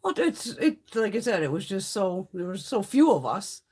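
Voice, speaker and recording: A woman's voice: mid-range voice, sing-song, moderate pace, a little mellow, husky. A woman in her fifties hosting a casual live stream, chatting and telling rambling stories, swearing freely. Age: 50s. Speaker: beauty live-stream host.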